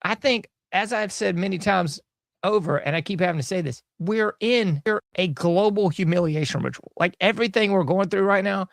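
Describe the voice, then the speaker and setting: Sarcastic man, gravelly voice. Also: sits high, moderate pace, no room sound, clean studio sound. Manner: sarcastic, rambling, mocking asides. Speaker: podcast host. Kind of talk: opinionated commentary monologue.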